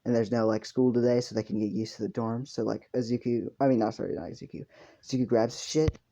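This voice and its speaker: A young man spins an improvised story in a loose, rambling way, swearing freely and correcting himself often. His voice is dark and mellow. It comes through a dull, lo-fi home mic with a faint hiss underneath. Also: medium pitch, fairly even intonation, fast talker. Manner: rambling, crude, self-correcting, with frequent fillers. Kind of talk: casual improvised story narration. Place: home room with a pet cat.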